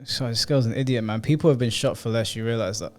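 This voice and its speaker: A man's voice: medium pitch, fast talker. A man co-hosting a casual reaction video, trading crude, laughing banter. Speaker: reaction co-host.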